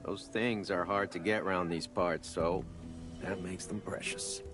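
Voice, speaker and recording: Deep gruff hunter. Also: male voice, steady tone, unhurried. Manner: sardonic, haggling. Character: gruff male hunter, greedy, blunt. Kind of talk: video game dialogue. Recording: game music behind.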